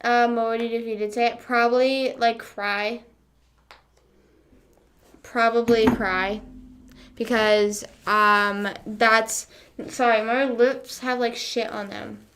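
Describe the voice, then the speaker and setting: Young woman, livestream chat, sarcastic, swears a lot, slightly high voice. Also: fairly even intonation, takes it slowly, a bit bright, a little hiss or hum. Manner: casual, filler-heavy, sarcastic, swears freely. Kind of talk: casual chat with live viewers.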